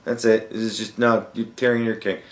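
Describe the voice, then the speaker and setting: This podcast host is a young man whose fairly low voice barely changes in pitch as he talks fairly quickly. He rants sarcastically and curses all the way through, recorded in an echoey space.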